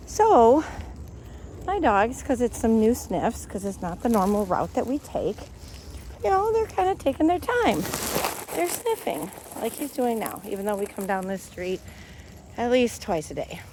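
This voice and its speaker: A woman's voice: on the high side, a little mellow, a little hiss or hum. A middle-aged woman chatting and venting in a casual walk-and-talk vlog, recorded outdoors on a phone while walking her dogs. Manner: chatty, venting, lots of fillers. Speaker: vlogger.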